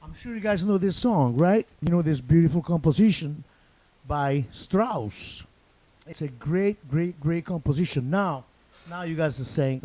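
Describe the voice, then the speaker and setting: A man's voice: fairly high pitch, expressive, unhurried, warm tone, no echo. A man with an Italian accent teaching drum rudiments in a loose, chatty way, with repeats and restarts. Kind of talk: casual spoken drum lesson.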